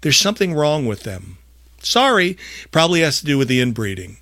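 A man hosting a podcast, talking in an emphatic, rambling way with big swings in loudness. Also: on the high side, big pitch swings, a little fast, dry recording, studio quality. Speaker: podcast host. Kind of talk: casual podcast talk.

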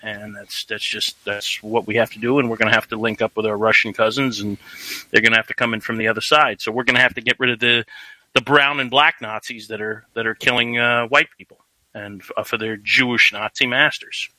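A man's voice: on the low side, fairly even intonation, a little fast, bright, forceful tone, dry recording, poor audio. A man calling in to a talk show, ranting casually with heavy swearing. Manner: ranting, profane. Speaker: caller. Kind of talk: casual phone-in chat. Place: South Florida.

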